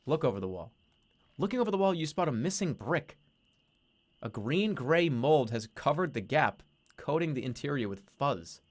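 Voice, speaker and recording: A man's voice: on the high side, expressive, moderate pace. A man streaming a text adventure, reading its narration aloud and breaking off into playful, swearing commentary. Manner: playful, swears casually, laughs at himself.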